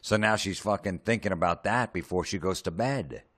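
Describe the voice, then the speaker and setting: A man's voice: sits low, moderate pace, fairly bright tone, husky. A man delivering a profane, sarcastic comedic rant, mocking people in put-on voices. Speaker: comedian ranting.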